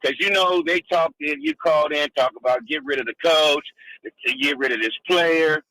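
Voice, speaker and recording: A man's voice: a little high, normal speed, pushed and bright, no room sound, low-quality recording. A man calling a sports radio show, laid-back and slangy, saying "man" a lot. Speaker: caller.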